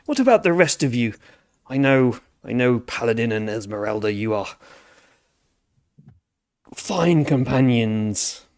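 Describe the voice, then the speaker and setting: A man's voice: medium pitch, very animated, unhurried, pauses often, darkish tone, dry recording. A man playing a fussy, eager older male hobbit who coaxes his cousins, repeating himself when flustered. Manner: flustered, repeats words, coaxing. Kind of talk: tabletop role-play in character.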